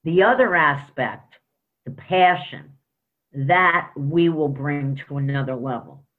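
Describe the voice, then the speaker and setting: A man's voice: fairly high pitch, slow pace. A man serving as interim school superintendent, giving an emphatic report with stories at a school board meeting. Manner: emphatic, storytelling with quoted dialogue. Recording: tinny phone-like sound.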